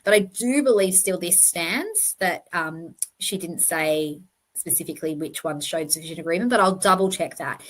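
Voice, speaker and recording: A woman's voice: on the low side, moderate pace, fairly bright tone. A woman hosting a true crime channel, giving emphatic, passionate commentary over slides and correcting herself as she goes.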